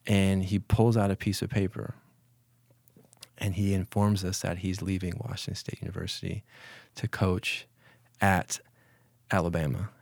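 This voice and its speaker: A man in his forties, a former college football player, telling stories in a relaxed, reflective way during an interview, with many restarts. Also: low-pitched, measured pace, vocal fry, no room sound. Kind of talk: casual storytelling in an interview.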